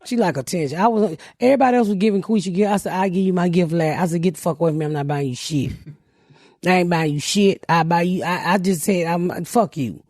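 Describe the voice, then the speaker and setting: A woman's voice: lowish voice, quick pace, dry recording, studio quality. A woman hosting a podcast, telling profane stories in a casual comedic chat. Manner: profane, loud storytelling with laughs. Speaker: podcast host.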